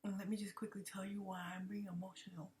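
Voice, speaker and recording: A woman's voice: mid-range voice, level tone, fast, a little mellow, a little hiss or hum. A woman giving an emotional commentary monologue, often dropping to a whisper and repeating herself. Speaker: commentary vlogger.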